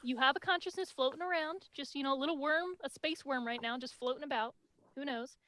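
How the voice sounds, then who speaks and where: Fast-talking, high-voiced woman host. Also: a little hiss or hum. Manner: excitable, chatty, lots of "like". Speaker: podcast host. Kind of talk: casual review chat.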